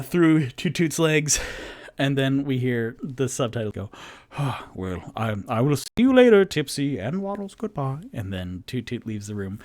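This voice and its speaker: A young man narrating and running a solo tabletop game, excitable and rambling. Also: mid-range voice. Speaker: game master and solo player.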